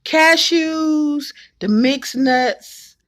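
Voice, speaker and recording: A woman in her forties from Cleveland, telling folksy, animated family stories to the camera and hushing her voice to mimic her mother. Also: high-pitched, drawn-out words. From Cleveland, Ohio. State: emotional, choked up at times. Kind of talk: personal storytelling to camera.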